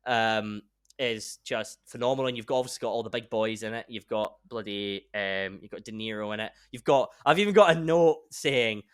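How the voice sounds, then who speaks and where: A young man hosting a podcast in casual chat, rambling and excitable and swearing freely. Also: fairly low pitch, moderate pace, clear, resonant tone. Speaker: podcast host.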